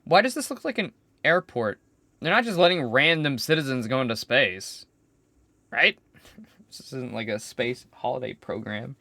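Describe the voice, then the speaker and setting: Goofy, animated game streamer. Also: mid-range voice, moderate pace, creaky, no echo. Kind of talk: casual joking commentary.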